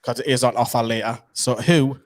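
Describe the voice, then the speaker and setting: A Geordie man runs a casual live quiz, explaining the rules at length in a chatty way. His voice sits at a middle pitch. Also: fairly even intonation, a little fast. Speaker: quiz host.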